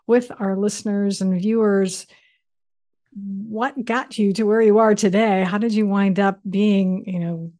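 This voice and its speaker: A woman's voice: mid-range voice, fairly even intonation, measured pace, dark tone. A woman hosting an interview show, introducing her guest with enthusiastic praise. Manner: enthusiastic, complimentary. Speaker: podcast host.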